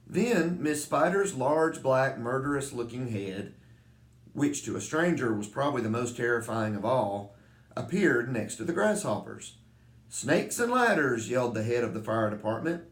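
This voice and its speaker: A man reading a children's book aloud with an expressive, lilting delivery. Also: mid-range voice, moderate pace. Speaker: reader. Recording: echoey room.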